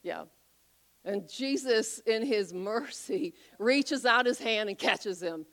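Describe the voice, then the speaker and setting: A woman preaching a sermon, telling a Bible story with animated, acted-out voices. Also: a little high, slow. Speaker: pastor.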